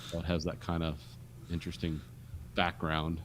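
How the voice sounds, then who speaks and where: A man's voice: low-pitched, completely flat delivery, normal speed, fairly bright tone. A man co-hosting a casual podcast, talking about films in a laid-back, offhand way. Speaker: podcast co-host. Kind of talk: casual movie chat.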